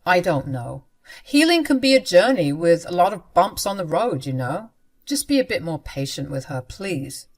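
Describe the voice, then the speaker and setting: A woman voicing a gentle young husband who speaks softly and apologetically. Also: fairly low pitch, big pitch swings, normal speed. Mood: soothing. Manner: soft, apologetic.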